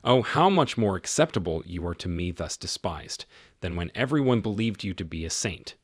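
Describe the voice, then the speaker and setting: A man voicing Jesus as a gentle, reproachful divine speaker, reading tenderly in a low voice. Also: lively intonation, moderate pace, slightly rough, dry recording, clean studio sound, heavily acted.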